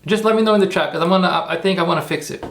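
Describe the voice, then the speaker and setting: Brief: male streamer, gravelly, pitched a bit high, rambling commentary. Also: rapid-fire, fairly bright tone. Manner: thinking aloud, rambling, self-correcting. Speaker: streamer making AI videos. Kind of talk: live-stream screen-work commentary.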